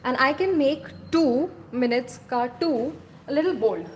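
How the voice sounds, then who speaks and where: A woman's voice: high-pitched, animated, unhurried, slight background noise. A woman with an Indian English accent teaching a casual step-by-step drawing lesson, often checking in with the viewer. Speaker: doodle art teacher.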